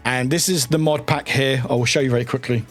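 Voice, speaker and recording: A man chatting casually on a live stream, excitable and often laughing and swearing. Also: medium pitch, fast, faint music behind.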